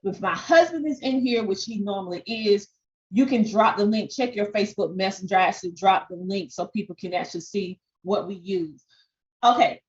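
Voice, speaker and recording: A woman with a Southern country twang coaching a live webinar, lively and direct, often checking in with "okay?". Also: mid-range voice, dull audio. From Southern United States. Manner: animated, peppers talk with "okay?". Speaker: podcast coach. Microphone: desk microphone.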